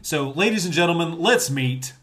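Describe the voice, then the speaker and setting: A man's voice: fairly high pitch, lively intonation, moderate pace, a crowd in the background. A man hosting a casual podcast, joking and giving mock-formal introductions. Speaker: podcast host.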